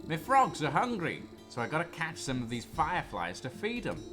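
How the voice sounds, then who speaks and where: A man's voice: a little high, wildly swooping pitch, moderate pace, over music, pitched above the performer's own voice. A man voicing a cheeky young country boy in a game, boastful and grabby with a folksy drawl.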